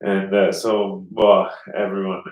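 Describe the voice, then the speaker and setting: A man's voice: low-pitched, monotone, slow pace, narrow, tinny audio. A man telling a rambling story in casual podcast chat, swearing often and acting out the people he quotes. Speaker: podcast host. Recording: roomy, mic at a distance.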